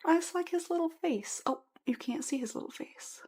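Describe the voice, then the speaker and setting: A woman's voice: very high-pitched, moderate pace, a little mellow. A woman vlogging casually from a room at home, chatting in a rambling way and correcting herself as she goes. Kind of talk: casual vlog chat.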